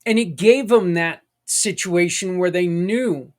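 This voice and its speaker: A middle-aged podcast host speaks slowly, his voice sitting high. The monologue is easygoing and folksy, drifting through one aside after another.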